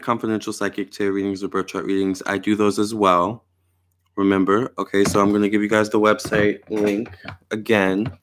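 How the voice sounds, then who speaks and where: Chatty man hosting a tarot live stream. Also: on the low side. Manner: chatty, reads viewer comments aloud, repeats "all right" and "you guys". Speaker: tarot reader and astrologer host. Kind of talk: casual live stream chat.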